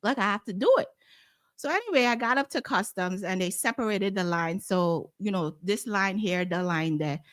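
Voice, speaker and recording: A woman's voice: mid-range voice, moderate pace, no echo, clean studio sound. A woman with a Guyanese accent, telling a story in casual talk and acting out the voices of the people in it. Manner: animated, acts out quoted voices. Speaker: guest.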